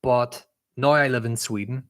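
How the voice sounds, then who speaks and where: A young Irish man with an accent that has drifted from living abroad, talking loosely on a live stream. He rambles and fills his sentences with "um" and "like," and his pitch sits at an ordinary middle height for a man. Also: steady tone, normal speed, fairly bright tone. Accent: mixed Irish, shifted by living abroad. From Northern Ireland. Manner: chatty and rambling, many "um" and "like" fillers, reads chat messages aloud. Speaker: livestream host answering viewer questions.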